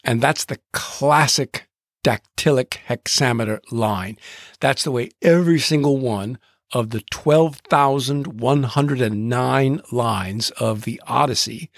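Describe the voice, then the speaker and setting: A man hosting a podcast, narrating in a deliberate way and drawing out rhythms as he explains them. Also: medium pitch, no room sound, studio quality. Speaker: podcast host.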